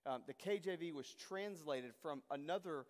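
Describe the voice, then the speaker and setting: High-voiced guy preaching a sermon, gets really fired up, echoey church sound hanging on every word. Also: moderate pace. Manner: impassioned, builds to emphatic repeated declarations; reads scripture aloud, then preaches on it. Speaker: pastor.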